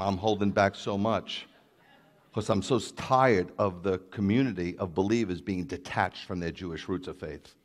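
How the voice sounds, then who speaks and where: A man preaching as a rabbi, emphatic and building to loud declarations. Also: sits low, normal speed. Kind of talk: sermon.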